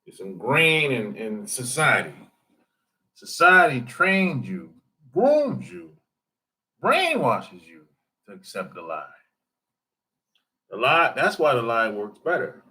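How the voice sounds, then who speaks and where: Bright-voiced man chatting slowly on a livestream. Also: mid-range voice, wildly swooping pitch. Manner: loose, joking, talks back to chat, laughs often; mimics other people's speech. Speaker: livestream host reading chat. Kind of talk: casual livestream chat.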